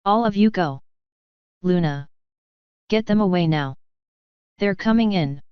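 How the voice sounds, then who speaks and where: A woman's voice: fairly low pitch, a little slow, clear, resonant tone, dry recording, highs cut off, natural voice. A woman putting on a wounded armored guard, strained and pleading. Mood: desperate. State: in pain.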